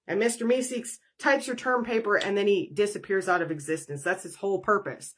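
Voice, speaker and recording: A woman's voice: medium pitch, expressive, normal speed. A woman, a professional energy worker, talking through a spiritual podcast monologue in a conversational way, acting out inner dialogues.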